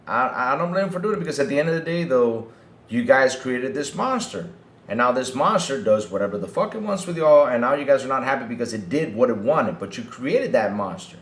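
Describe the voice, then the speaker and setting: Ranting man in a roomy space, lively pitch. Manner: ranting, repetitive, heated. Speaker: podcast host. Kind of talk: livestream commentary to chat.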